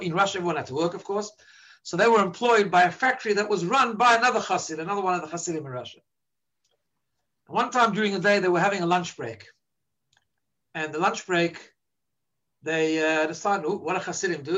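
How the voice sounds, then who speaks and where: High-voiced man giving a spiritual talk. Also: sharp tone. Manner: storytelling, frequent "right?" checks. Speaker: religious teacher. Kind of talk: informal lecture to a live audience.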